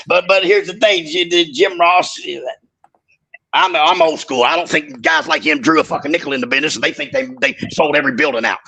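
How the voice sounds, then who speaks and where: Brief: middle-aged ex-wrestler, bright high voice with wide swings, profane rambling stories. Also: male voice, big pitch swings, moderate pace, vocal fry. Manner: profane, laughing, rambling storyteller. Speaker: guest, former wrestler. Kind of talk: casual storytelling chat.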